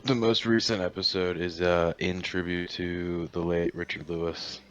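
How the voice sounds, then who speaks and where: A man's voice: sits low, little pitch movement, normal speed, lo-fi sound, faint music behind. A young man co-hosting a podcast, chatting casually and joking around. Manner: laid-back, joking, drops into mock impressions. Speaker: podcast co-host. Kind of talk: casual chat.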